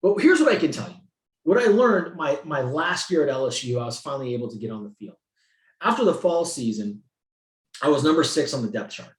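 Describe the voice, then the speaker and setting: A man from the San Francisco Bay Area, a guest in an interview, telling his story in an animated, profane way and acting out what people said. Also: a little high, brisk. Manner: animated, profane, acts out quotes. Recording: roomy echo.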